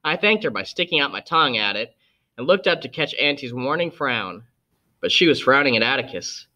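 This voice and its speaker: A man reading a novel aloud as a narrator, with steady storybook delivery. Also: mid-range voice, a little fast. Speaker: audiobook reader. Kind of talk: scripted narration.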